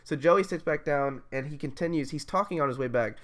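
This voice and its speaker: A man's voice: a little high, a little fast. Profane man ranting through a story. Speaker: vlogger telling a story. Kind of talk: casual storytelling.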